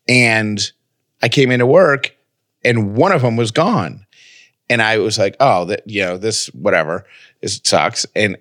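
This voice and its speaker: A radio host chatting casually and telling a story with many restarts, nursing a lingering cough. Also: male voice, on the low side, a bit bright, dry recording, clean studio sound. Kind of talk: casual chat.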